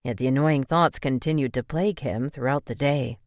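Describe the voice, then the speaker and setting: An audiobook narrator reading a contemporary romance in an even, measured way. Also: medium pitch, no echo, clean studio sound.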